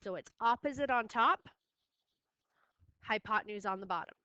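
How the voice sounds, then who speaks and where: A woman's voice: mid-range voice, normal speed, sharp tone, smooth, no echo, highs cut off. A woman teaching a math lesson, firm and repeating key steps for her students. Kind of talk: classroom lesson recording.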